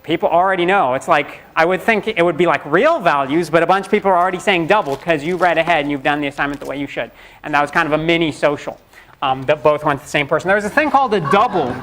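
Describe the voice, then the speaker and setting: A man's voice: a little high, fast, fairly bright tone, a little hiss or hum. A middle-aged man giving a university programming lecture in a conversational, joking way, acting out students' questions. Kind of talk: classroom lecture. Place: lecture hall.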